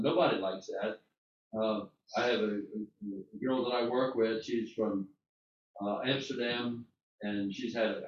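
A man's voice: on the low side, a little mellow. A man teaching an informal sermon, talking conversationally with many restarts and fillers, recorded from a distance in a room. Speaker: Bible teacher. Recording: distant mic in an echoey room, muffled.

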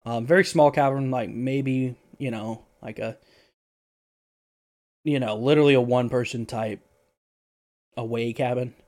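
A man narrates as the game master of a tabletop game, his voice sitting at a middle pitch. He rambles, fills gaps with ums, and corrects himself as he goes. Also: steady tone, measured pace, long pauses, darkish tone.

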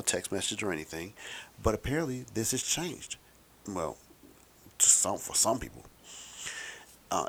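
A middle-aged man talking in a casual, rambling, wry monologue with some profanity. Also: lowish voice.

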